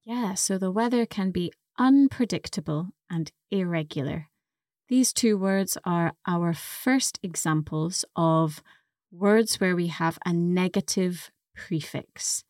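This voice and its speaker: A woman teaching English on a podcast. She speaks very slowly and carefully, with a slightly low voice. She breaks down words for learners, and the recording is dry and close. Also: a little mellow, no room sound. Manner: slow, careful explaining. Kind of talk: language-lesson podcast.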